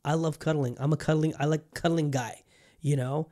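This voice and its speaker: A man's voice: on the high side, fairly even intonation, moderate pace, warm tone. A man in his thirties hosting a podcast in candid, profane, rambling casual chat. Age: 30s. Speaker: podcast host.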